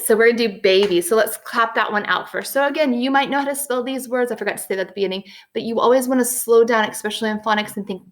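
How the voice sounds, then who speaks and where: A woman teaching young children a phonics lesson, patient and encouraging, slowly sounding out letters and words. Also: medium pitch. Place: at home with a whiteboard.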